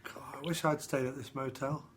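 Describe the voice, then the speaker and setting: A man's voice: mid-range voice, fairly even intonation, a little fast. A man from England, co-hosting a joking film commentary. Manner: joking, chatty, does silly voices. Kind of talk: casual jokey commentary.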